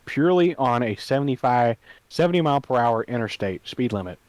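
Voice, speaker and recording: Casting: young male co-host, mid-pitched, deadpan sarcasm, dry recording. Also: brisk, dry recording. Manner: sarcastic, skeptical, silly puns. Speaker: podcast co-host. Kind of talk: casual chat.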